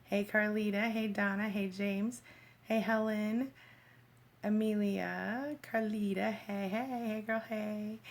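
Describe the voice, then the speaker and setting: In a flat, mid-range voice, a woman hosts a relaxed livestream from her phone. She reads viewers' comments out loud and greets them by name, talking in quick bursts and laughing easily.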